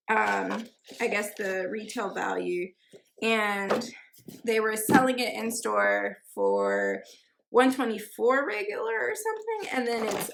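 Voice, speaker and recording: Over some background noise, a woman with a medium-pitched voice and vocal fry casually chats through her perfume haul as a beauty vlogger. She fills her talk with fillers and giggles, stumbling over pronunciations and poking fun at herself for it.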